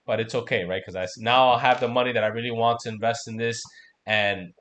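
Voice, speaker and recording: A man's voice: mid-range voice, fairly even intonation, fast, fairly bright tone. A man hosting a casual trading livestream, talking loosely and profanely while going over charts, peppering his talk with "man" and "right?". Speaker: crypto trading stream host.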